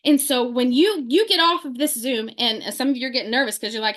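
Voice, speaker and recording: Woman, high voice, sales team leader; fervent motivational speech, rapid-fire questions, video-call mic. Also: fairly bright tone.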